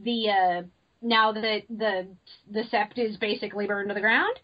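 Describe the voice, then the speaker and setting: A woman on a podcast panel, chatting casually and eagerly with quick asides. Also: mid-range voice. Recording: dull lo-fi mic.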